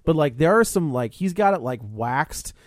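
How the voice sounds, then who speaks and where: A man co-hosting a podcast, jokey and quick to react and laugh. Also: on the high side, very animated, no echo, clean studio sound. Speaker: podcast co-host. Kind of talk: casual film discussion.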